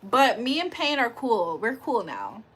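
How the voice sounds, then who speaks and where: A woman's voice: on the high side, very animated, measured pace, a bit bright, slightly rough. A young woman hosting a casual livestream, reading chat aloud and laughing often. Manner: chatty, laughs often, reads comments aloud.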